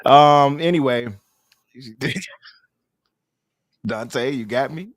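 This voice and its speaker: A man hosting a casual podcast chat, talking in an opinionated, animated way and often restarting his sentences. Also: medium pitch, drawn-out words, no room sound. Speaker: podcast host.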